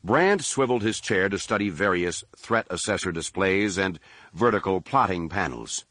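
A man narrating a science fiction audiobook in a steady, measured way. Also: low voice, dry recording. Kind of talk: scripted narration.

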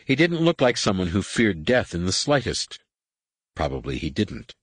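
Husky, expressive male audiobook narrator. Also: sits low, moderate pace, no room sound. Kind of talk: scripted narration.

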